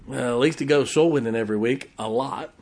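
A man preaching a sermon in a folksy, joking way, with sudden shouted exclamations. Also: mid-range voice, brisk. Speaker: pastor.

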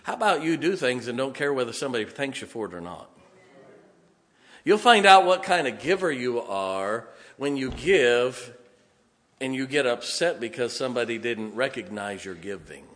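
A man's voice: medium pitch, moderate pace. A man preaching a sermon as pastor, folksy and joking, telling stories and raising his voice for emphasis. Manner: lively, raises voice for emphasis.

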